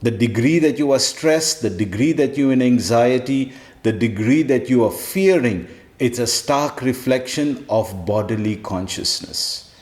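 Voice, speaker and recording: A man's voice: mid-range voice, darkish tone. Emphatic male preacher in an echoey room. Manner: emphatic, repeats key phrases. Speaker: spiritual teacher. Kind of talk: sermon. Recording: roomy echo.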